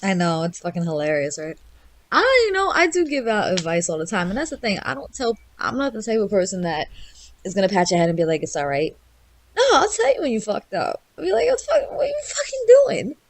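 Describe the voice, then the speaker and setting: A woman with a New York accent co-hosting a podcast, giving blunt, profane advice in a brash, loud way. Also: medium pitch, very animated, quick pace. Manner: brash, loud, swears constantly. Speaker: podcast co-host.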